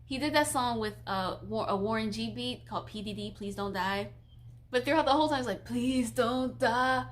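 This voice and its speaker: A woman in her twenties is casually live-streaming, her voice a little high and fairly quick. She's chatty and giggly, gushing like a fan as she reads out viewer questions.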